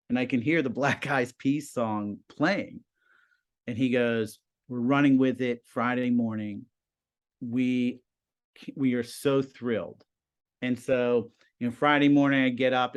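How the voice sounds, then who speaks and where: Guy in his 50s, a teacher telling stories on a podcast, keeps acting out what people said, mid-pitch voice. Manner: animated, acts out quoted conversations. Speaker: high school TV production teacher, guest. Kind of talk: casual storytelling.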